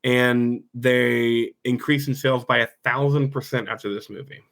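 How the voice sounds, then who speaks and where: A man's voice: mid-range voice, flat delivery, normal speed, gravelly, a bit bright. Casual podcast host man, reading trivia. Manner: reads trivia, swears casually. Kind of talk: casual movie podcast chat.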